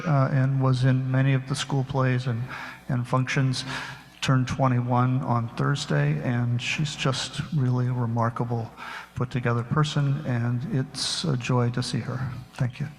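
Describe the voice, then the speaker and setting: Older man, flat voice, echoey church. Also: medium pitch. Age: 70s. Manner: halting, with frequent pauses and fillers. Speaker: congregant sharing joys. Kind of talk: spontaneous personal remarks. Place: church sanctuary. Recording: long reverb of a church hall.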